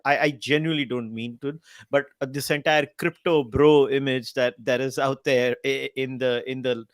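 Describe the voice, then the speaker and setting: A man's voice: medium pitch, no room sound, studio quality. A man hosting a podcast, asking questions in a hesitant way, stammering with many fillers. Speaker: podcast host. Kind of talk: conversational interview.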